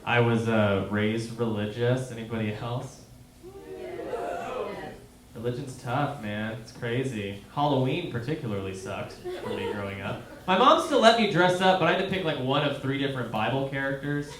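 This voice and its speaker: A man with an expressive, mid-range voice does stand-up in a small theater at a moderate pace. He engages the crowd conversationally with questions, and the live recording sounds roomy, with the audience laughing.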